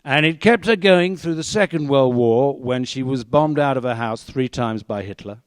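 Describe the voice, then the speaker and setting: A man's voice: medium pitch, normal speed, clean tone, no echo. A man telling a story on stage, with wry, dry humor. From England. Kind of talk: live storytelling performance.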